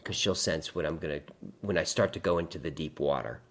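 A man's voice: rumbling low, fairly quick, fairly bright tone. Wry man hosting a casual livestream. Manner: wry, rambling asides, laughs at his own jokes. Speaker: livestream host reading chat.

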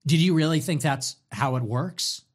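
At a moderate pace, a man hosting a livestream delivers a sarcastic, mocking rant full of taunts. His voice jumps between loud, high-pitched outbursts and low grumbling.

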